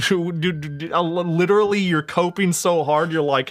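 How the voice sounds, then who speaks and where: A man's voice: a little high, normal speed, few pauses, faint music behind. Profane, ranting male streamer. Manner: profane, animated ranting with frequent laughs. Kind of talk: casual gaming stream chat.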